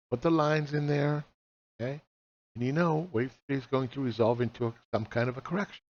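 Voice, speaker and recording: A man's voice: medium pitch, no echo. A man in his forties teaching chart reading in a casual walkthrough. He is blunt and profane and fires off rhetorical questions. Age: 40s. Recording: slightly dull lo-fi recording.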